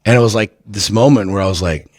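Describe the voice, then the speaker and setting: A man's voice: lowish voice, quick pace, a little mellow, no room sound, studio quality. A man guest on a podcast telling personal stories bluntly, with lots of swearing and repeated words. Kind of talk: candid personal storytelling.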